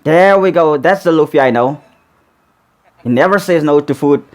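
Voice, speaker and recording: A man's voice: a little high, normal speed. A man hosting a reaction video, chatting casually, repeating himself and ending nearly every sentence with "man".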